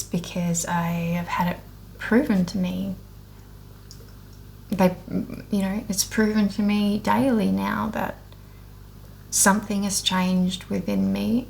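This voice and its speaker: A woman's voice: mid-range voice, vocal fry, a little mellow, a little hiss or hum. A woman speaking in a candid, unscripted monologue, blunt and heavily profane, earnest and emotional as she rambles with restarts about her spiritual awakening.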